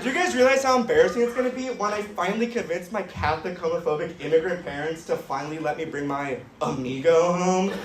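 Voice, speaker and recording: A man doing stand-up comedy on a club stage, with a deadpan, edgy, self-mocking delivery. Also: sits high, fast, few pauses, a little hiss or hum. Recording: roomy club sound from far, crowd laughter.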